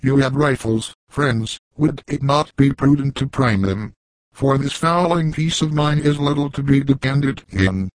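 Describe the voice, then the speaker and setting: A man voicing a pedantic scholar-doctor, wordy and easily heated. The voice is mid-pitched and dry, heard up close in a storybook reading. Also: measured pace, dry recording, natural voice, rough recording. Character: learned male doctor, fussy, excitable scholar.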